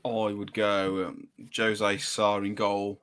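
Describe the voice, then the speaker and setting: A chatty young man hosting a live fan stream, easygoing and talkative. His voice sits a little low. He drifts through team picks and viewer comments in a relaxed, conversational way. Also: slow pace, clear, resonant tone. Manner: chatty, reads chat comments aloud. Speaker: fan channel host. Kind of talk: casual live stream chat.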